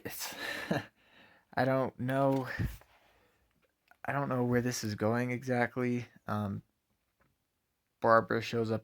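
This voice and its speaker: A man giving a casual spoken comic book review, hesitant with frequent ums and uhs. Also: fairly low pitch.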